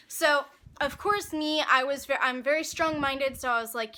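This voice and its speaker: A young woman casually telling a story about her college days, chatty and animated, with lots of fillers and asides. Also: on the high side, fairly quick. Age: young adult. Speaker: vlogger.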